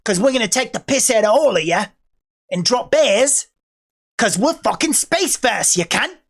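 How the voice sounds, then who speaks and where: A woman with a cold putting on a rough Australian accent to play a loud, crude space-force patriot who taunts other countries. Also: on the high side, expressive, normal speed. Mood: gloating. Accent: put-on Australian. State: stuffed up with a cold.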